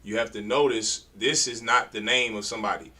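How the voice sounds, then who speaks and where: A man's voice: lowish voice, fairly even intonation, fairly quick, pushed and bright, low-quality recording. A man teaching a class to read Hebrew, correcting students and stressing pronunciation in a colloquial way. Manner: emphatic, corrects readers, colloquial. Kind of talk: classroom instruction.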